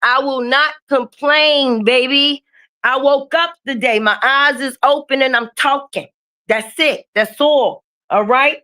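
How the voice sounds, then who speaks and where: A woman's voice: sits high, slow. A woman hosting a casual live stream, sniffly from a cold, talking bluntly with plenty of swearing and calling out viewers by name. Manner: animated, blunt and profane, calling out names. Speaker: livestream host. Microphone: webcam or phone mic while streaming.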